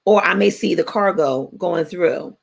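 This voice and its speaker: A woman in her forties, co-hosting a radio talk show and telling stories in a playful, animated way. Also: fairly low pitch, unhurried, gravelly. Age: 40s. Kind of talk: casual chat.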